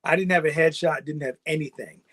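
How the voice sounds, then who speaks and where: A man's voice: on the high side, brisk, no room sound. Middle-aged new york guy rambling thru his acting story, laughs a lot, dry mic. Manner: relaxed, rambling storyteller who laughs often. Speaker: guest actor. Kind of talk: casual interview storytelling.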